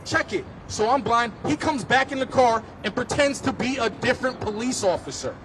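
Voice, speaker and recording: High-pitched guy at a street march telling his story, really vivid and emphatic, little bit of street noise behind. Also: expressive, normal speed. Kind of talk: impassioned personal testimony. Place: outdoors on a city street.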